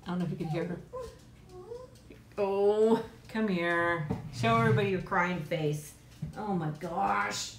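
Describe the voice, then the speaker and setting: A woman's voice: fairly low pitch, a little slow, reverberant, slight background noise. A middle-aged woman hosting a casual live chat from home on a tablet, laughing often and cooing at her pet. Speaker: live stream host.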